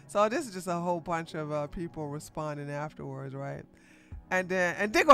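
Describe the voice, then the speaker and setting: Bright, blunt drama commentator. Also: medium pitch, moderate pace, vocal fry, soft background music. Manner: blunt, sassy trash-talk; talks straight at the people discussed. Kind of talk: casual live-stream commentary.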